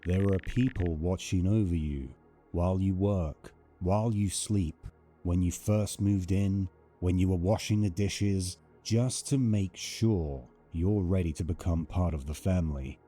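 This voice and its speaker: A man voicing a creepy, overfriendly male neighbor in a horror game, talking in a soft, unsettlingly sweet way. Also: deep voice, measured pace, breathy edge, soft background music. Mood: creepy friendly.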